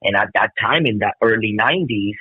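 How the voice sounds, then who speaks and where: A man in his fifties from Cuba, telling stories as a guest musician in an excitable, rambling way, swearing a lot. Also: on the low side, fairly quick, slightly rough, no room sound. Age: 50s. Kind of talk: casual storytelling interview. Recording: tinny phone-like call line.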